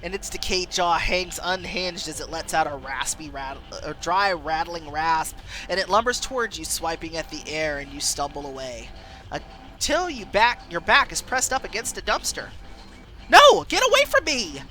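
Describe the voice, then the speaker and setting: A woman streamer reading an interactive story game aloud, expressive, with wry asides. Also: sits low, normal speed.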